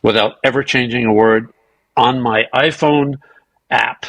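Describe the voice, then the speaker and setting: A man as a podcast guest, telling animated anecdotes and acting out the dialogue of others, sometimes profane and self-mocking. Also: mid-range voice, measured pace, rough recording. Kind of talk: casual storytelling interview.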